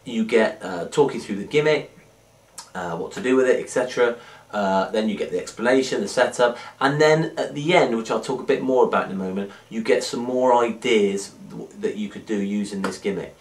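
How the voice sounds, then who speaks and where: A man's voice: fairly low pitch, a little fast. A man hosting a magic product review, playful and rambling with frequent jokey asides. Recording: echoey room, mic at a distance.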